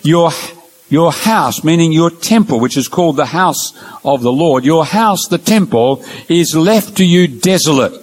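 A man's voice: a little high, animated, rough recording. Earnest man teaching a Bible lecture. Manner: measured, explains point by point with numbered points.

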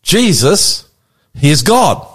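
A man's voice: on the high side, very animated, slow, slightly rough. An Australian pastor leading a conversational Bible study, animatedly quizzing his co-host with questions.

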